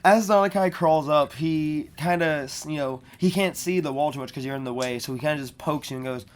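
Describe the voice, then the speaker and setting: This is a brisk, low-pitched woman acting as game master for a tabletop game. Despite the quick pace, her scratchy-throated narration is halting, packed with fillers and false starts.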